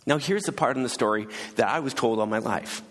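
Casual preacher guy telling a story, raspy voice, big reverby hall. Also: mid-range voice, fairly quick. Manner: casual, hesitant retelling with asides. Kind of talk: conversational sermon storytelling.

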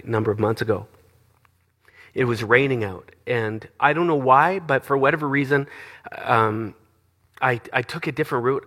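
A man preaching in a storytelling way, animated and expressive, with sudden jumps in pitch. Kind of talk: storytelling sermon. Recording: long reverb of a large hall.

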